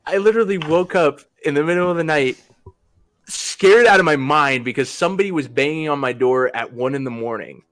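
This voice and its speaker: A man's voice: fairly high pitch, fairly quick, fairly bright tone. A young man on a podcast, casually telling a rambling story, laughing often and swearing freely. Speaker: podcast host.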